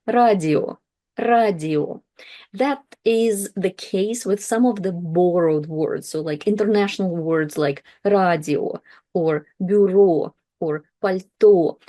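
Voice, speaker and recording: Slow, careful woman language teacher. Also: fairly low pitch, warm tone. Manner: repeats each word slowly and clearly, then explains. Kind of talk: slow pronunciation lesson.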